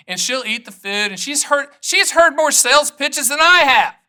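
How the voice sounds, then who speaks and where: Bright, lively middle-aged agent. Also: male voice, very high-pitched, normal speed. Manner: energetic, joking, digressive. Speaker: annuity agent. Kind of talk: casual direct-to-camera talk.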